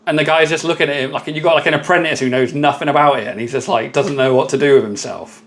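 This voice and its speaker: A man's voice: a little high, quick pace, hardly any pauses, a bit bright. A British man hosting a casual live stream from his workshop, chatty and upbeat, thanking viewers by name. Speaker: livestream host.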